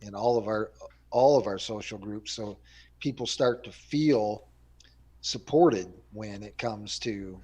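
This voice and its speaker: A man's voice: on the low side, slow, a little mellow, breathy edge. A man hosting a casual panel chat, rambling with many fillers and restarts.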